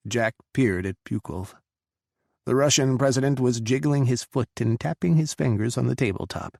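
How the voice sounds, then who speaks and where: A man reading an audiobook as narrator in a steady, even storytelling manner. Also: mid-range voice, moderate pace, creaky, dry recording, clean studio sound. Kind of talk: scripted narration.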